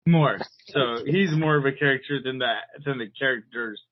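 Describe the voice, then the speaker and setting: A man co-hosting a podcast in rambling casual chat, with an irritated throat and frequent throat clearing. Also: medium pitch, moderate pace, no room sound, dull audio. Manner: rambling, filler-heavy, clears throat often. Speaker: podcast co-host.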